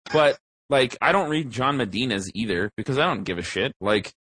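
A young man co-hosting a casual podcast, ranting in an animated, profane way. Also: mid-range voice, moderate pace, dry recording. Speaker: podcast co-host.

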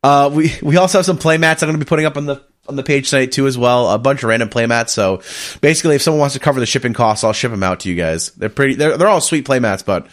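A man co-hosting a casual podcast, laughing and rambling, sick and straining his voice. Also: medium pitch. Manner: rambling, laughing, fast deadpan reading. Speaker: podcast co-host. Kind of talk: casual chat.

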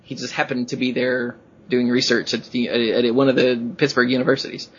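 Man, podcast host, casual chat, husky, excitable storyteller, muffled lo-fi sound. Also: mid-range voice, a little fast. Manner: excitable storyteller, acts out quotes in a rising voice.

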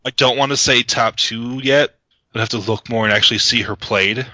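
A man's voice: mid-range voice, steady tone, normal speed, sharp tone, dry recording, highs cut off. A man co-hosting a podcast, chatting casually and teasing his co-host in joking banter. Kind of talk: casual chat about card games.

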